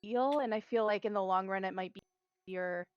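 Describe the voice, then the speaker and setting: A woman's voice: medium pitch, fairly quick, smooth, lo-fi sound. A woman playing a tabletop game, reasoning through a plan in a practical way. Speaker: player. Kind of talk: casual chat.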